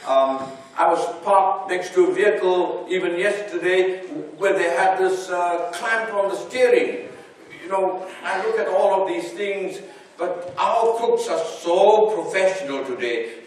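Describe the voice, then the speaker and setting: A man preaching slowly and deliberately, his voice rising and falling in wide, lively swings. He sounds a little far from the mic, and his words ring through a very echoey hall. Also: sits high, a little hiss or hum. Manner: animated preaching, swelling and dropping his voice. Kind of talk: sermon.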